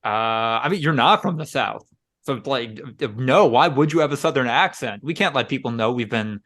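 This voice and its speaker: A Wisconsin man in his late twenties co-hosts a podcast, trading casual, joking banter with friends. His mid-range voice is expressive and a bit bright, moving at a moderate pace as he rambles, jokes, and often restarts his sentences. It's captured on a podcast microphone.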